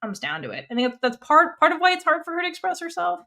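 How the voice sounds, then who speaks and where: A woman co-hosting a podcast in casual chat, retelling scenes with lively acted-out lines and casual swearing. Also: very high-pitched, gravelly. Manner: animated, acts out characters' lines in quick voices. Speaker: podcast co-host. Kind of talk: casual chat recapping a TV series.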